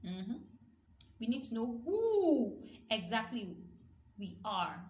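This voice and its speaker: A woman's voice: fairly high pitch, sing-song, takes it slowly, a little mellow. A woman teaching a youth Bible study, earnest and repetitive, quoting scripture. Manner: earnest, repeats herself, quotes scripture. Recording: echoey room with faint noise.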